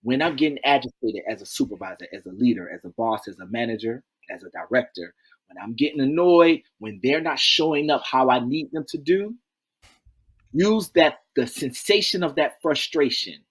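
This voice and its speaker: Husky, animated man telling stories. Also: mid-range voice, normal speed. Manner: animated, folksy, acts out quotes, repeats key phrases. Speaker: guest. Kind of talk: animated interview storytelling.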